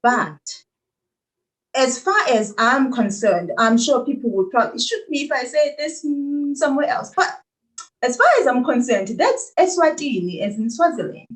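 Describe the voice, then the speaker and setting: A woman's voice: sits high, lively intonation, moderate pace, poor audio. A young adult South African woman talking animatedly as a podcast guest, laughing often and restarting her sentences. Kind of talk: conversational interview.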